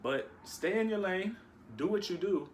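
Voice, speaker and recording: A young man telling a story to his viewers in a casual, slangy, animated way. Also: high-pitched, unhurried, slight background noise. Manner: slangy, animated, keeps saying "you feel me".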